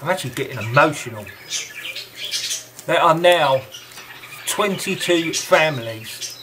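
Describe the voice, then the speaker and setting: A man speaking in a slightly high voice, slow and deliberate, in a confrontational, scornful monologue. Loud background noise runs throughout, with birds chirping behind him. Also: expressive. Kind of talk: angry monologue to camera.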